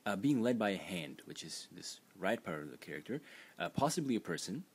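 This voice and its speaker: A man with a very low voice talks through a lesson. He explains step by step and often pauses on fillers and restarts his phrases, like someone thinking aloud. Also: sing-song, breathy edge. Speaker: language teacher. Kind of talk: screen-recorded lesson narration.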